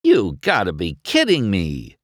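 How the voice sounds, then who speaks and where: A man's voice: medium pitch, huge pitch swings, measured pace, a bit bright, no room sound, clean studio sound, voice pushed up, full character voice. A man voicing a cocky young male race car in a storybook reading, whiny and exclaiming. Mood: complaining. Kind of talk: storybook character voice.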